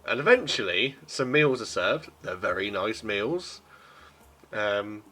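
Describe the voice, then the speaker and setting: A man's voice: fairly low pitch, animated, slow pace, bright, forceful tone. A man narrating as game master and voicing the innkeeper, rambling and full of ums. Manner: rambling, many ums and restarts.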